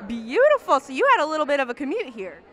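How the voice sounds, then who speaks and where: A woman from Texas with a high voice interviews guests at an awards show. She is upbeat and quick with compliments. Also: big pitch swings, fairly bright tone, some chatter behind. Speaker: red carpet interviewer. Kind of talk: casual interview.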